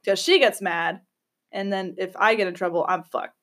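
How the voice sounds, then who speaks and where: A woman's voice: medium pitch, fairly even intonation, moderate pace, a bit bright. Chatty young woman, swearing freely. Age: young adult. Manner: chatty, swears, laughs often. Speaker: guest answering questions. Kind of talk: casual chat.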